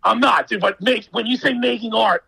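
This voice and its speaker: Male podcast guest, high voice, gravelly and husky, bright tone, emphatic profane rant. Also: brisk, dry recording, poor audio. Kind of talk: casual chat.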